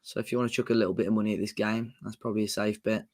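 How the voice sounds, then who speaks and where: A man's voice: lowish voice, flat delivery, very fast, a little mellow. Man chiming in on football chat. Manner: interjects often with short agreements. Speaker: podcast co-host.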